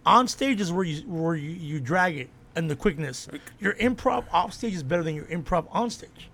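A brash male comedian with a high voice and a gravelly edge. He talks in a casual podcast chat, swearing a lot as he cuts in and tells club stories. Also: expressive, moderate pace, fairly bright tone, slight background noise. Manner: brash, swearing storyteller who jumps in over others. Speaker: stand-up comedian and show host.

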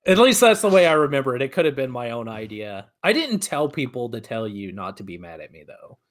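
Young man, mid-pitched, hesitant, restarts his sentences, casual. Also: big pitch swings. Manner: halting, restarts often, trails off softly. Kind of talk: casual chat.

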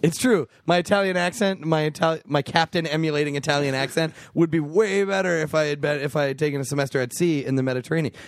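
A man's voice: a little high, fairly even intonation, quick pace, few pauses, no echo. A man co-hosting a podcast in casual chat, joking and laughing often. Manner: joking, laughs often, does silly put-on accents. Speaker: podcast co-host.

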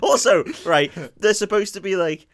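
Male podcast co-host, slightly high voice, loose sweary banter. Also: lively intonation, moderate pace, a bit bright. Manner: sweary, jokey, rambling. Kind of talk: casual film-review chat.

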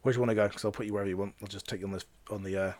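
A man's voice: fairly low pitch, steady tone, very fast, darkish tone. A man playing a tabletop game and hosting the show, jokey in manner. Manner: jokey, wraps up the episode. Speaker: player and show host.

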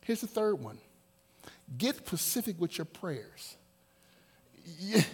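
A male pastor preaching a sermon with dynamic swings from loud to hushed, acting out prayers in quoted voices. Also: high-pitched, big pitch swings, takes it slowly, husky.

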